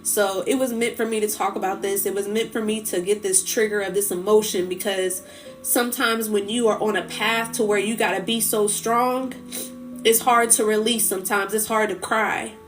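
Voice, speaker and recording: Soft music plays behind a woman of medium pitch who speaks at a normal speed with fairly even intonation. She's hosting a spiritual livestream, and her talk about healing is emotional and casual, rambling and full of fillers, until she becomes tearful.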